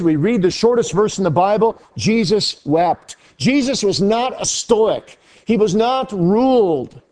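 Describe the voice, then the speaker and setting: A man pastor preaching a sermon earnestly, his voice rising and dropping sharply in pitch and loudness.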